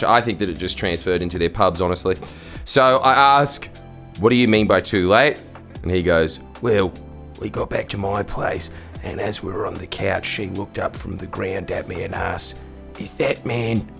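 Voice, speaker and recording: An Australian man with a fairly low voice reads stories aloud and cracks sarcastic jokes about them. He often jumps into shrill, loud exclamations. Faint music plays beneath him. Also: vocal fry. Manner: sarcastic, jokey, swings into loud squeaky outbursts. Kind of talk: reading and reacting to stories, casual commentary.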